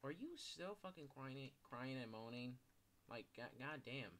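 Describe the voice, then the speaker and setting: A man's voice: mid-range voice, animated, a little slow, a bit bright, slight background noise. A young man commentating his gameplay, swearing a lot and breaking into panicky outbursts between mutters. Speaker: gaming YouTuber.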